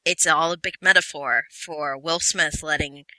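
A woman co-hosting a casual movie review chat, sarcastic and quick to laugh. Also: low-pitched, fairly even intonation, sharp tone, no echo, poor audio. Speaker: podcast co-host.

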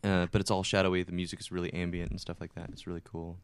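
A man on a gaming podcast, telling a game story in an animated way, with lots of swearing and acted-out reactions. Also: deep voice, very fast, smooth, dry recording. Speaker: podcast co-host. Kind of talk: casual gaming chat.

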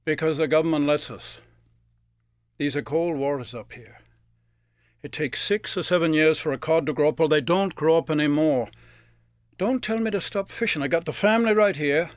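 A man voicing a gruff, friendly older Newfoundland fisherman who talks bluntly and keeps calling people boy. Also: on the high side, moderate pace, no echo, clean studio sound, close to an everyday voice. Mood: earnest. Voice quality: blunt, folksy, calls everyone boy. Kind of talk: live storytelling performance.

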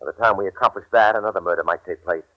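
An actor in 1940s radio acting, playing a brisk, authoritative middle-aged detective captain. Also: male voice, low voice, natural voice. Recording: dull, hissy old radio recording.

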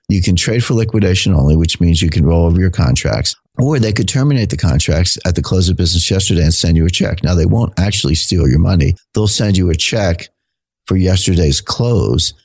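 A man, a podcast guest, explaining in a measured, lecturing way with rhetorical questions. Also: sits low, expressive, darkish tone, slightly rough, dry recording.

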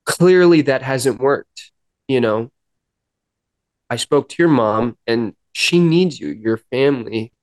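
A man guest on a podcast, earnestly telling a personal story and acting out dialogue, with halting restarts. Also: medium pitch, lively intonation, no room sound. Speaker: podcast guest, musician in recovery. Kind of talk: personal storytelling in a sit-down interview.

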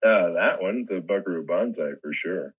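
A man's voice: low-pitched, normal speed, breathy edge. A man in his sixties, a guest actor telling rambling anecdotes in a casual interview, laughing often. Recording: tinny phone-like line.

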